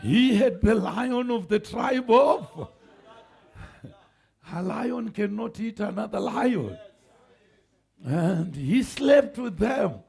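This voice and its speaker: A man preaches with a high, gravelly voice that swings widely in pitch. He talks slowly and with weight, breaking into shouts and laughter while he calls on the church to answer back. His tone is husky and rough. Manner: animated preaching with shouts, laughs and call-and-response. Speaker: pastor. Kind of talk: sermon. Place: church sanctuary.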